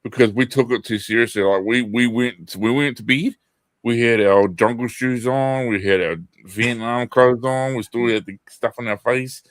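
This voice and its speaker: A man, a guest on a casual livestream chat, telling stories and slowing down for emphasis. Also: mid-range voice, no room sound, clean studio sound. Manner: animated storyteller, slows down for emphasis.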